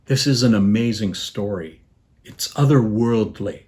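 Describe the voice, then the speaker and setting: A Canadian man with a fairly low voice preaches a sermon as a guest minister. He tells the story in a measured, reflective way, letting his voice drop softly on quoted words.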